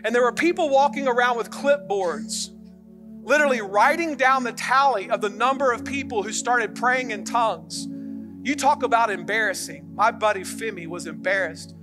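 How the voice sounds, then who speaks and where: A middle-aged male pastor telling a story in a sermon, getting animated and loud as it builds. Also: moderate pace, music in the background. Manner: animated, gets loud and high when excited.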